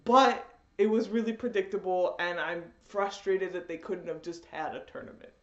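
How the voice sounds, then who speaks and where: A woman reviewing an anime episode in a casual vlog, in an animated, rambling fan rant. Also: on the low side, normal speed. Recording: echoey room, dull lo-fi audio.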